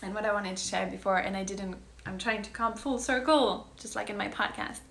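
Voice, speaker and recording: A woman's voice: mid-range voice, a little fast, gravelly, a bit bright. Earnest woman in an echoey room. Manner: earnest, emphatic, drops to whispers. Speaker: wellness coach. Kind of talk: casual heartfelt monologue.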